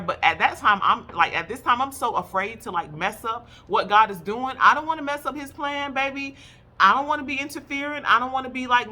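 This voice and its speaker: A woman sharing a personal faith testimony and exhorting wives, animated and emphatic, calling her listeners "baby". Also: medium pitch, slight background noise. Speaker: faith vlogger addressing wives.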